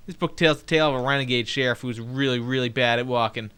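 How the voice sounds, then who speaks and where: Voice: medium pitch, fast, a bit bright, smooth. A let's play host giving casual gameplay commentary, reading game text aloud with joking asides, chatting to viewers, swearing and laughing now and then.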